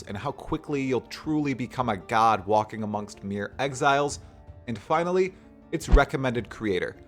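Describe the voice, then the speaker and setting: A man hosting a gaming video, giving scripted commentary in a playful, enthusiastic, explanatory way. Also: mid-range voice. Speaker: gaming YouTuber host.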